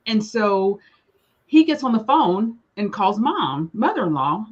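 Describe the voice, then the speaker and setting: A woman on a discussion panel, telling lively family stories in a casual way and acting out what family members say. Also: on the high side, a little slow, muffled recording. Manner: lively storyteller who acts out family members' lines. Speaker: panelist sharing her experience. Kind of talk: casual storytelling chat.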